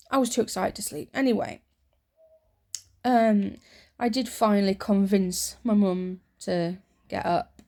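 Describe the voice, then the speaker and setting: Soft-spoken woman with vocal fry. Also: mid-range voice, steady tone, measured pace. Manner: soft, rambling storytelling. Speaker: ASMR creator. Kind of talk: soft-spoken ASMR chat.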